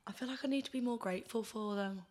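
A woman's voice: a little high, fast talker, darkish tone. A young woman hosting a podcast, hungover and tired, chatting casually in a rambling, gushing way full of fillers. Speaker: podcast host. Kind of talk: casual chat.

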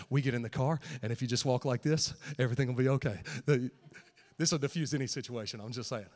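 A male pastor preaching a sermon, telling a story in an animated way, swinging from shouts to hushed asides. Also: medium pitch, quick pace. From Nashville, Tennessee. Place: church auditorium. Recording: long hall reverb.

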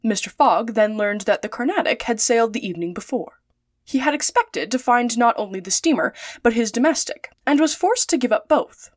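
Woman reading a story out loud, calm and steady, kinda high voice. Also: no echo, clean studio sound. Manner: calm, measured narration. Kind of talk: storybook read-aloud.

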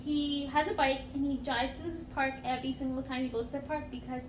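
A woman's voice: high-pitched, steady tone, brisk, roomy sound, background noise. A woman co-hosting a casual chat, telling a story with lots of giggling. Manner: giggly, storytelling, frequent laughter. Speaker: podcast co-host.

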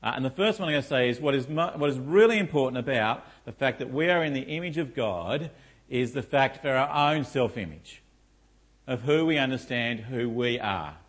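A middle-aged male pastor preaches to his congregation in a church. His voice is husky and a little breathy, at an ordinary male pitch. He keeps checking in with his listeners through rhetorical questions. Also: expressive, normal speed. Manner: rhetorical, asks the congregation "isn't it?". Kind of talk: sermon.

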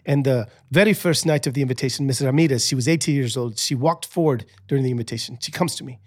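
A man who is a podcast guest, telling stories in a chatty, animated way with many restarts. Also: mid-range voice, fast talker, hardly any pauses. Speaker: podcast guest, author and speaker. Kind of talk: casual storytelling interview.

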